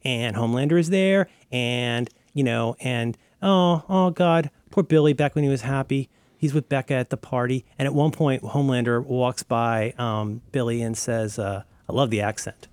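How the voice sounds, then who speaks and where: A man co-hosting a casual podcast chat, talking in an animated, rambling way with many fillers and restarts. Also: mid-range voice, normal speed, few pauses, clean tone, no echo. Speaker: podcast co-host.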